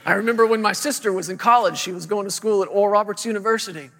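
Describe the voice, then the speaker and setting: Brief: man in his 30s, storytelling pastor, high and bright, reverberant church hall. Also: racing, a little hiss or hum. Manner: storytelling, acting out voices, humorous. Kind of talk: sermon.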